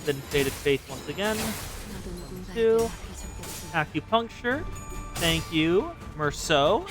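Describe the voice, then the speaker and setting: Relaxed streamer muttering over game music. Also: mid-range voice, slow pace. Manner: relaxed, muttering, humming to themself. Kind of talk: casual game commentary.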